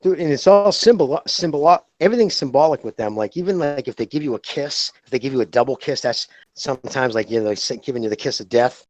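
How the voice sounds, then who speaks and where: A man's voice: medium pitch, animated, fast, few pauses, a little mellow, no room sound, poor audio. A man co-hosting a podcast in casual chat, talking in a heated, profane, rambling way. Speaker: podcast co-host.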